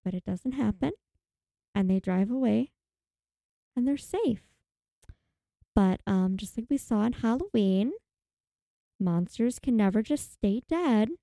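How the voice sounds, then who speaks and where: A woman recapping a horror movie in casual chat, animated and dramatic, acting out the characters' lines. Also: medium pitch, measured pace, long pauses, dry recording, clean studio sound.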